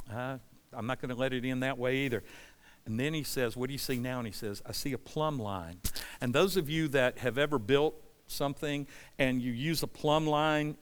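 A man preaching a passionate sermon as pastor, swinging from loud, urgent declarations down to low, quiet storytelling. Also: clear, resonant tone, in a large hall. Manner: passionate, rising to near-shouting then dropping low. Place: church sanctuary.

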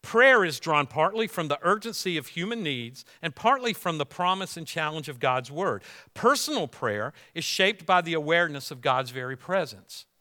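A man's voice: on the high side, expressive, normal speed, hardly any pauses, sharp tone. A man preaching a sermon, talking it through in a conversational way and building up to emphatic exhortation. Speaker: pastor.

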